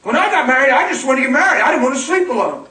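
This middle-aged pastor's voice is extremely high, pushed and bright, swinging widely in pitch as he talks rapid-fire. Emphatic and humorous, he acts out scenes in his sermon, heard from far off in an echoey hall amid congregation noise.

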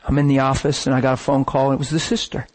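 A man preaching, telling a story in an animated, dramatic way that breaks at times into shouts and laughter. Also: medium pitch, quick pace. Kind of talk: sermon storytelling.

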